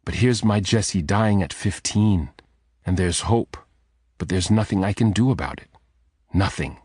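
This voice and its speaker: A man's voice: deep voice, measured pace, a little mellow, breathy edge, dry recording, studio quality. A man voicing a desperate, grieving father who speaks in a tense, choked way. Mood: bitter anguish.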